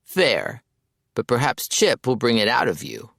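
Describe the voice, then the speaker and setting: A man voicing a lovestruck young man who dreamily recites Shakespeare in a slow, theatrical way. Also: mid-range voice, big pitch swings, vocal fry, fairly bright tone, no echo, clean studio sound, exaggerated voice. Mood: teasing.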